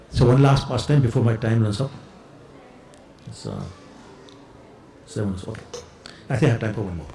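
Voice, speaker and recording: A man's voice: mid-range voice, warm tone, low-quality recording. A man giving a devotional sermon, telling stories in a conversational, self-correcting way. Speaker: temple speaker.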